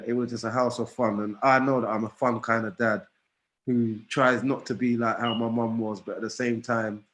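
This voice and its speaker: A middle-aged man tells warm stories from home over a video call. His voice sits at an ordinary middle pitch and he moves quickly between excitement and reflection, often laughing. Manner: lively, animated, laughs often, acts out his children's voices. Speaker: guest. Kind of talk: casual storytelling.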